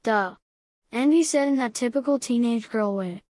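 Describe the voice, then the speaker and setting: A woman narrating a first-person story in a steady, even reading voice. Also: on the high side, brisk, no echo. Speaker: audiobook reader.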